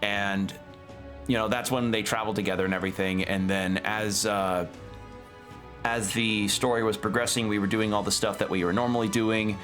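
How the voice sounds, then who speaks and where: A man with a fairly low voice chats loosely over his gameplay stream, wandering through a recap with plenty of fillers. He talks around a toothpick in his mouth, and faint music sits under his voice. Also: steady tone, normal speed, a bit bright. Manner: rambling, chatty recap with fillers. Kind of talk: casual gameplay commentary.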